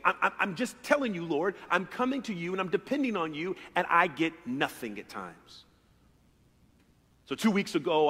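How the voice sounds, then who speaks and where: Male pastor, high voice, animated conversational sermon, long hall reverb. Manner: conversational, animated preaching with repeated words. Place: church sanctuary.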